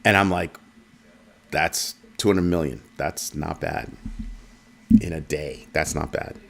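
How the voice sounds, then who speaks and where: A man hosting a casual crypto commentary show, animated and jokey, repeating his points. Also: very deep voice, slow, creaky. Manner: animated, repetitive, jokey asides.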